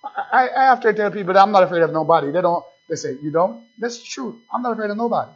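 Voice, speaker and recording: High-voiced preacher, emphatic sermon. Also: male voice, expressive. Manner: emphatic, slows down to stress scripture. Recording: dull lo-fi recording.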